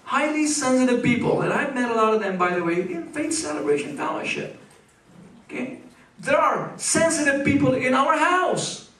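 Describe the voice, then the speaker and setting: A middle-aged man preaching a sermon as pastor, animated and leading the congregation in call-and-response. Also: very high-pitched, moderate pace, roomy sound, far from the mic, poor audio. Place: church sanctuary.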